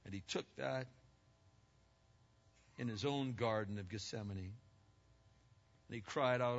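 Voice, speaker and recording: A man preaching a sermon as pastor. His delivery swings between loud, emphatic peaks and hushed, low passages. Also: a little slow, pauses often. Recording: muffled lo-fi sound with long reverb.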